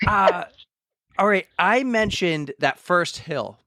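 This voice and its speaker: Relaxed man hosting a chat show. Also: high voice, slow, no room sound, clean studio sound. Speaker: podcast host. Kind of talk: casual chat.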